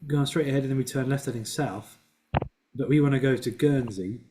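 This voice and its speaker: A man's voice: mid-range voice, fairly quick, background noise. A man teaching a flight lesson over a video call, explaining patiently step by step with small fillers. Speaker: flight instructor. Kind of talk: casual online flying lesson.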